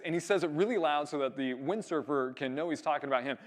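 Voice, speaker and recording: A young man from California preaching a sermon, telling a story with lively acted-out dialogue. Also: on the high side, fast, hardly any pauses. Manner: animated storyteller, acts out quoted dialogue. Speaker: pastor.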